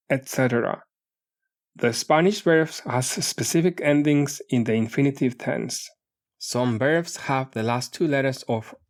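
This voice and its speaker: A man narrating a language lesson audiobook, reading paired example phrases in a measured way. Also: medium pitch.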